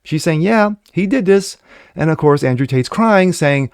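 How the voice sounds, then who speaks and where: A commentary vlogger reads news articles aloud and breaks in with sarcastic, mocking asides. His voice is a little high, animated, clear and resonant at a moderate pace, captured dry in clean studio sound.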